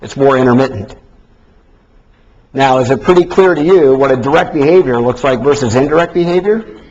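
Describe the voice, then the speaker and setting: A man teaching a live seminar class in an animated, joking way, swinging between emphatic and soft delivery. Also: mid-range voice, brisk. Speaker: sales trainer. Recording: dull lo-fi recording.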